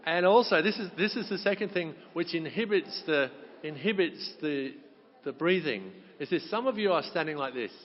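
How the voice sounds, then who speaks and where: Encouraging Welsh choir leader in a hall. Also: male voice, a little high, expressive, normal speed. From Wales. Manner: chatty, encouraging, jokey. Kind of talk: leading a group sing-along. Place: large hall at a conference. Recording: echoey hall, dull sound.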